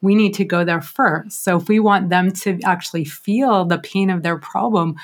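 A woman hosting a podcast, summing up her guest's point in a measured way. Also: fairly low pitch. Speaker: podcast host. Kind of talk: casual interview talk.

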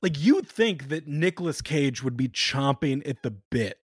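A man co-hosting a podcast in casual chat, animated and joking, cursing freely. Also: mid-range voice, unhurried, husky, dry recording, studio quality. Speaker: podcast co-host.

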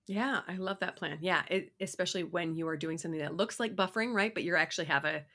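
A woman's voice: fairly low pitch, fast talker, pushed and bright. A middle-aged woman co-hosting a podcast, chatting earnestly and laughing often. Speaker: podcast co-host. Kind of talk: casual chat.

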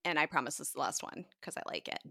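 A young woman with a General American accent chats playfully on a podcast. Her voice sits a little low and the recording is dry and close, with no room sound. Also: animated, very fast, gravelly, pushed and bright, slightly rough, no echo. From United States. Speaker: podcast co-host. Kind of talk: casual chat.

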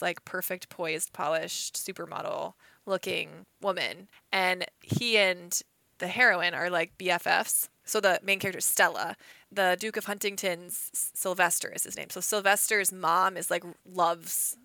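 A woman co-hosting a book podcast, chatting in a bubbly, teasing way with quick asides. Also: fairly low pitch, sharp tone, no echo. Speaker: podcast co-host. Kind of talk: casual chat.

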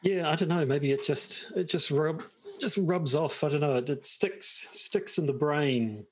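A man co-hosting a podcast, speaking hesitantly and halting often. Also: fairly high pitch, slight background noise, low-quality recording. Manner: hesitant, halting, with many restarts. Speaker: podcast co-host. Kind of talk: casual podcast chat.

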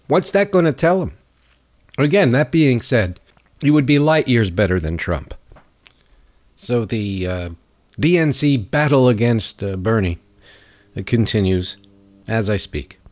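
A man's voice: medium pitch, a little mellow. A man hosting a show, ranting sarcastically about politics, his voice stuffed up with a cold. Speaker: podcast host. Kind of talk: political commentary rant.

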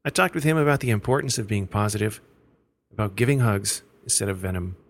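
A man hosting a podcast, reading scripted narration in a measured, reflective way. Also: lowish voice, expressive. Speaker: podcast host.

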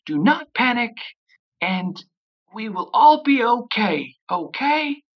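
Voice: medium pitch, big pitch swings, takes it slowly, slightly rough, muffled recording, voice pushed up, heavily acted. A game master voicing a flustered female school teacher who makes over-polite, frantic announcements during tabletop role-play. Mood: frantic soothing.

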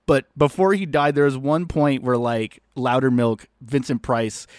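A man's voice: medium pitch, measured pace, no room sound, clean studio sound. A man co-hosting a podcast, recapping a movie in casual, profane chat and acting out lines in silly voices. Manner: animated, acts out lines in funny voices; swears freely. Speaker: podcast co-host.

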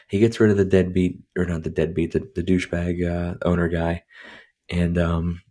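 A man's voice: deep voice, fairly even intonation, brisk, warm tone, husky. A man hosting a casual solo podcast at home, reviewing a movie in a rambling, profane way full of fillers and restarts. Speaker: podcast host. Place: home recording with his dog nearby.

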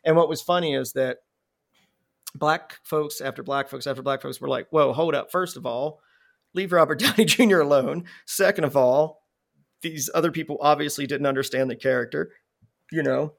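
A man's voice: a little high, normal speed, creaky. A man hosting a podcast in casual chat, rambling and profane, restarting his words. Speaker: podcast host.

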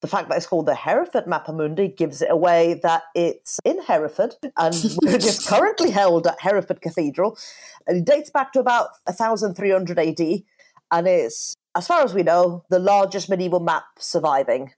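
A woman's voice: fairly low pitch, animated, normal speed, darkish tone. A woman co-hosting a podcast, explaining things with a playful, dry sense of humor. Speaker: podcast co-host. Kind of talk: casual podcast chat.

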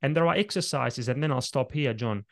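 A man's voice: mid-range voice, brisk, gravelly. A middle-aged man, a presentation coach being interviewed, explaining techniques and showing vocal emphasis as he talks.

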